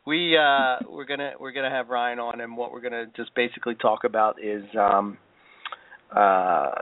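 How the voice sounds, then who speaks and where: A man's voice: medium pitch, fairly even intonation, normal speed, no echo. A man hosting a podcast in casual chat, hesitant with many fillers and easy laughter. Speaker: podcast host. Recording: dry, tinny phone-like audio.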